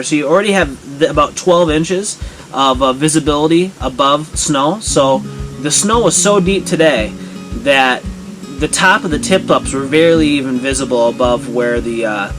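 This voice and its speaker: Relaxed man explaining gear in a garage. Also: a little high, poor audio. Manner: relaxed, matter-of-fact explaining. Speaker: fishing show host. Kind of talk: casual outdoor vlog narration.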